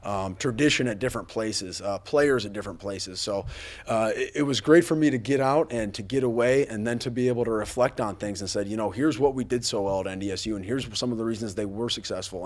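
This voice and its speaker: A man's voice: medium pitch, darkish tone. A man in his thirties, a football coach giving earnest, grateful remarks at a press conference, full of fillers and restarts. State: a little choked up.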